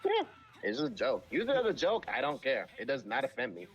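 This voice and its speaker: A man's voice: medium pitch, wildly swooping pitch, fast talker, lo-fi sound. A man in casual chat on a live stream, talking bluntly and emphatically with plenty of swearing.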